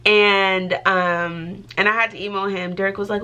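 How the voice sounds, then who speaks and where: A woman's voice: medium pitch, fairly even intonation, moderate pace, few pauses, bright, forceful tone. A young adult woman talking casually to her vlog audience, chatty and giggly, with lots of filler words. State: pregnant. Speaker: vlogger.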